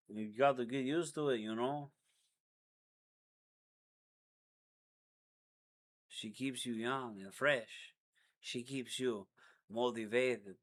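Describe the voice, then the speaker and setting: A man voicing a boastful Mexican ex-con from Tijuana with a put-on Mexican accent and rough street slang. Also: medium pitch, fairly bright tone. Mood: smug. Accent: put-on Mexican Spanish.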